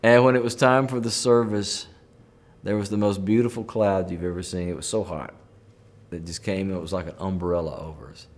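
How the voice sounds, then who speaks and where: A middle-aged man with a drawl tells a personal story in an easygoing interview. His voice sits fairly low, and he talks in unhurried, folksy anecdotes with a chuckle here and there. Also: fairly even intonation. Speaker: country musician telling a story.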